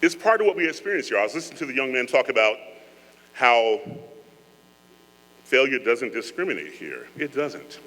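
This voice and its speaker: A man's voice: mid-range voice, sing-song, normal speed, long pauses, sharp tone. A man giving a joking, earnest speech to cadets, talking to them in a conversational way. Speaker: guest speaker. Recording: echoey hall with mains hum.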